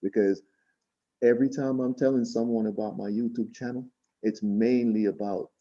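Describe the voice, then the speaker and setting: Jamaican-born man, mellow low-middle voice, animated storyteller, dull call audio. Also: normal speed. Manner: chatty, animated, quotes people in raised voices. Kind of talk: casual storytelling on a video call. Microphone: video call.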